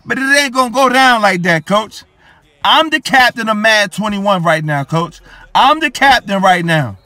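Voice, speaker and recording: A man's voice: sits high, lively intonation, moderate pace, bright, forceful tone, no room sound. A young man giving hyped, boastful gameplay commentary, repeating his catchphrases over and over. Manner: hyped, boastful, repeats phrases ending in "coach" and "yo". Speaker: gaming YouTuber.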